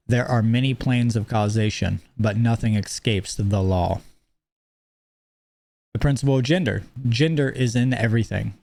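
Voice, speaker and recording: A man lecturing in a measured, explanatory way, reading out principles and then commenting on them. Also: mid-range voice, darkish tone. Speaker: teacher. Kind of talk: lecture on esoteric teachings.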